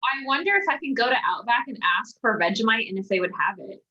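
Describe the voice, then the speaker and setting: A woman's voice: on the high side, animated, fast, bright, forceful tone. A woman chatting casually as a guest, pressing her point with repeated questions. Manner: insistent, questioning, laughs easily. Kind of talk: casual chat. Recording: dull lo-fi call audio.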